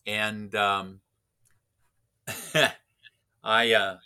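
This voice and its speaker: Guy rambling through an old track story, slow and easy, really bright tone. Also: fairly low pitch, level tone, clear, resonant tone. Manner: rambling, many restarts and fillers. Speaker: racing driver instructor. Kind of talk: casual storytelling.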